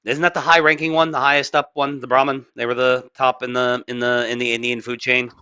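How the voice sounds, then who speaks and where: American dude cohosting a pod, swears constantly, stumbles over words, sharp bright voice. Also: male voice, medium pitch, level tone, brisk, clean tone, dull audio. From United States. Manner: profane, laughs often, stammering restarts. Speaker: podcast co-host. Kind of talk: casual crude political banter.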